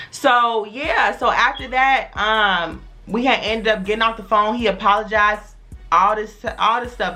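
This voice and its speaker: A young woman from the Chicago area telling a personal story on her vlog in casual slang, acting out the other people in a lowered voice. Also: measured pace, pushed and bright, soft background music. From Chicago area, USA.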